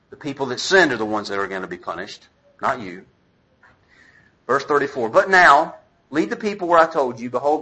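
Bright, husky male preacher. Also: mid-range voice, poor audio. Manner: conversational preaching with paraphrased dialogue. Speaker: pastor. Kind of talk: sermon.

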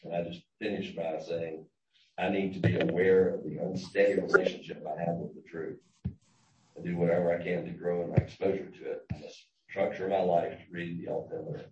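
A man's voice: deep voice, warm tone, a little hiss or hum. A man giving a conversational church lesson, often restarting and repeating words. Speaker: church teacher. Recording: roomy, distant, dull room recording.

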